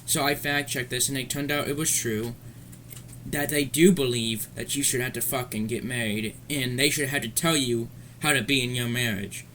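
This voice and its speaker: A man's voice: medium pitch, steady tone, moderate pace, fairly bright tone, a little hiss or hum. Heated, profane man ranting. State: angry. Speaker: commentary vlogger. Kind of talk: ranting commentary.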